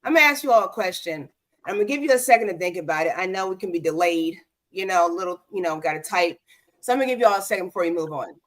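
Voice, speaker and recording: A woman's voice: on the low side, animated, racing. Woman host, casual livestream chat, speaks straight to her viewers. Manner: addresses viewers directly, keeps asking "okay?".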